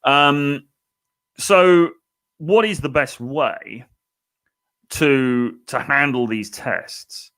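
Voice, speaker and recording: Male dating coach, mid-pitched, conversational, filler-heavy delivery. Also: very slow, pauses often, a bit bright. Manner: chatty, lots of "um" and "you know, okay?". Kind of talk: casual advice talk to camera.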